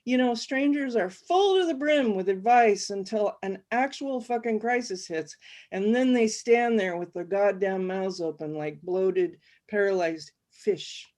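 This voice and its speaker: A weary, blunt man, read by a woman talks in a gruff, profane way. He sounds worn out and unimpressed. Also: medium pitch, measured pace, a little mellow, natural voice. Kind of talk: reading a story aloud.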